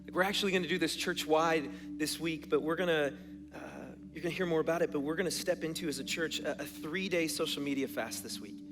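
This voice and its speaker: Male pastor, earnest sermon delivery that swings hushed to emphatic, reverberant church hall. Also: on the high side, quick pace, noisy background. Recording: long hall reverb with faint music.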